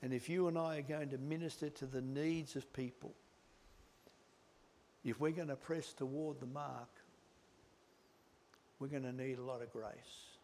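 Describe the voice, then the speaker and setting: A middle-aged male preacher giving a sermon, swinging from loud emphatic lines to hushed whispered words. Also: medium pitch, fairly even intonation, unhurried, long pauses, a little hiss or hum.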